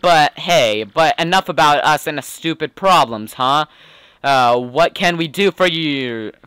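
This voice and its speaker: A man voicing a gruff male mobster henchman who talks in tough-guy gangster slang. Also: on the high side, animated, unhurried, pushed and bright, no room sound. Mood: mopey.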